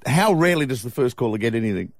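A man's voice: mid-range voice, animated, rapid-fire, no room sound, studio quality. A man with an Australian accent hosting breakfast radio, joking and laughing through casual banter. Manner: jokey, laughs often.

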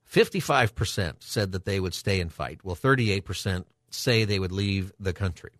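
A man hosting a call-in radio show, thinking aloud and halting with ums and restarts. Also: low-pitched, animated, a bit bright, no room sound, studio quality.

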